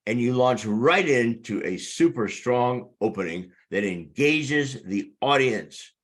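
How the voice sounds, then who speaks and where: Guy guest on an interview, mid-low voice, speeds up and slows down on purpose, emphatic. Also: lively intonation. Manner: varies speed and volume deliberately, emphatic. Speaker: guest speaker. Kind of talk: casual interview chat.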